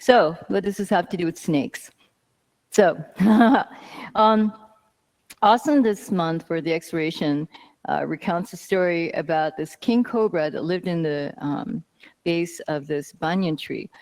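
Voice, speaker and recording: A woman's voice: on the low side, measured pace, a little mellow. A woman teaching a yoga class, talking casually and telling a story with asides.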